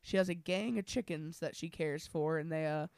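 A man's voice: on the high side, normal speed, vocal fry, a little mellow, clean tone, no room sound, studio quality. A man co-hosting a podcast in casual chat, sleepy, laughing often and swearing freely as he tells stories. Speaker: podcast co-host.

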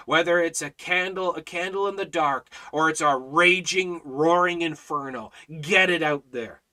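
Fervent high-voiced man teaching scripture. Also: unhurried. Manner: impassioned, preacherly, swinging from loud exhortation to quiet emphasis. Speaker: Bible study teacher. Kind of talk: fervent Bible study teaching.

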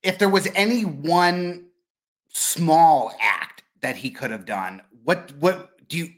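A man co-hosting a casual podcast, thinking out loud and asking questions that trail off. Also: a little high, expressive, slow. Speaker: podcast co-host. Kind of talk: casual chat.

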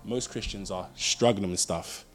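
A man's voice: on the low side, a little slow, faint music behind. A man, preaching a sermon, telling stories and driving points home with emphatic repeated phrases. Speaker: pastor.

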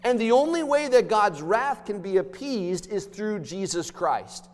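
A male pastor with a fairly high voice delivers an emphatic sermon, swinging from forceful stresses to quiet asides. His voice rings through a church hall with a long reverb tail. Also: lively intonation, unhurried. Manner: emphatic preaching, swinging between loud and hushed.

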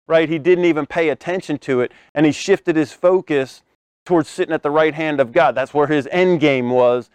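A man teaching from the Bible in a relaxed, chatty sermon, slipping in "right?" after his points and chuckling now and then. His voice sits a bit higher than most men's and is recorded close and dry, with no room sound. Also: brisk, clean tone, no echo. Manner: casual, conversational, frequent "right?" asides, chuckles. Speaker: preacher.

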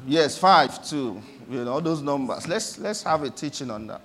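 A man preaching a sermon, swinging between quiet reflection and fervent shouts. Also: on the high side, animated, normal speed.

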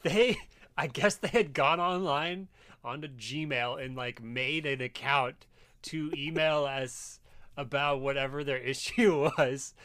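A man co-hosting a casual comedy podcast, animated and full of restarts. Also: medium pitch, slow pace. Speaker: podcast co-host.

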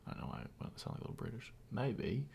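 A man's voice: mid-range voice, big pitch swings, racing, creaky, darkish tone, husky. A man, a guest in a casual podcast chat, answering with short dry replies.

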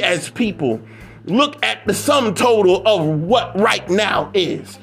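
High-voiced preacher man, slow and emphatic. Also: expressive. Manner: emphatic, repetitive, rising to shouts. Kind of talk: motivational sermon.

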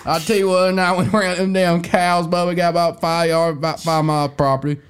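A man with a Southern US accent voicing a gruff rural Southern redneck who rants with a heavy drawl and folksy swearing. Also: fairly high pitch, flat delivery, a little fast, voice pushed up, close to an everyday voice. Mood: ranting.

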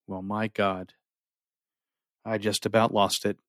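A middle-aged man telling a personal story with earnest feeling, often sinking his voice low and holding back tears. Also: flat delivery, slow pace, no room sound, clean studio sound. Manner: earnest, emotional, often drops to near a whisper. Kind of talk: personal story told to an audience.

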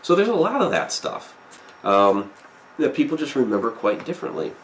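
A man's voice: mid-range voice, huge pitch swings, moderate pace, a bit bright, slight background noise. A man hosting a live stream, chatting casually and reading viewer comments aloud, with a rambling manner and frequent fillers.

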